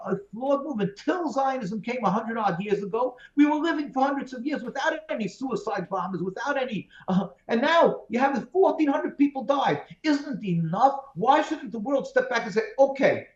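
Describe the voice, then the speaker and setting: A man, a rabbi as interview guest, giving emphatic, pleading answers full of repeated phrases over a video call. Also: extremely high pitch. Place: remote call from home. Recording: roomy, dull video-call audio.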